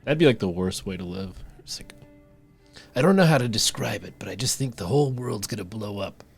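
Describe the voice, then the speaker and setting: A man co-hosting a podcast, talking in a relaxed, rambling way with lots of fillers. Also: lowish voice, a little fast, gravelly, husky, soft background music. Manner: laid-back, rambling, many fillers. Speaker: podcast co-host. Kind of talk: casual banter.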